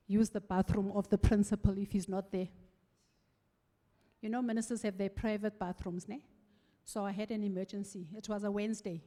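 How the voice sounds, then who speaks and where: A middle-aged South African woman giving a farewell speech, telling stories and acting out the voices of the people in them. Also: mid-range voice. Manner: animated storytelling, acting out quoted voices. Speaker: farewell speaker. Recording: echoey hall with long reverb.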